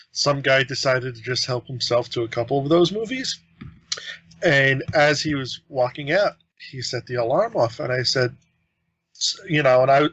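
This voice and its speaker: A young man spins loose, rambling anecdotes as a podcast co-host, slipping into voices for the people he quotes. His voice sits mid-pitch and sounds dry and close. The sound is a little dull. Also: a bit bright, no echo. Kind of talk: casual storytelling chat.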